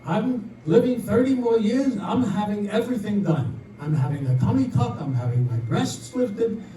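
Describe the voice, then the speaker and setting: A man's voice: high voice, animated, moderate pace, mellow, a little hiss or hum, voice pushed up. A man doing a brash, vain woman. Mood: insistent. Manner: bossy, insistent declarations. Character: vain woman demanding cosmetic surgery, brash. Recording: roomy hall, mic at a distance.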